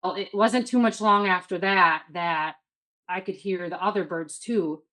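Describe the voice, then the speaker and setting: A woman's voice: lowish voice, unhurried, pushed and bright, poor audio. A woman in her thirties from the Midwest, telling a story as a guest in a casual interview, full of "like" and quoted self-talk.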